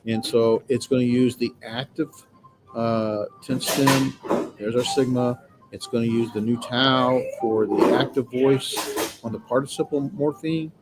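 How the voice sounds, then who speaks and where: A man's voice: mid-range voice, steady tone, unhurried, heavy background noise. Patient male instructor explaining grammar. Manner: patient, explanatory, reassuring, with frequent filler sounds. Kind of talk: classroom lecture. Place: classroom with students.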